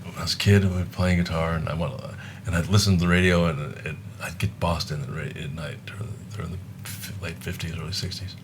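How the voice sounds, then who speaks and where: A man's voice: sits low, steady tone, fast, few pauses, noisy background. An older man from Buffalo, a guest musician, telling rambling anecdotes in casual conversation and acting out the voices of the people he describes. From Buffalo, New York, USA. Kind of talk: casual storytelling.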